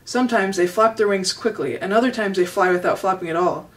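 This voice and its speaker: A measured, formal robot mother from a storybook, read by a woman. She speaks without contractions in a calm, careful way, heard from a little back off the mic. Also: medium pitch, distant mic, lightly acted, rough recording.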